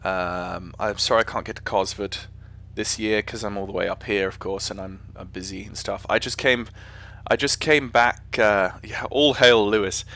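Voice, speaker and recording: A man's voice: fairly low pitch, steady tone, moderate pace, vocal fry, few pauses, pushed and bright, a little hiss or hum. A man with an English accent chatting casually on a live stream while flying a simulator, rambling and often correcting himself. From England. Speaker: flight sim streamer.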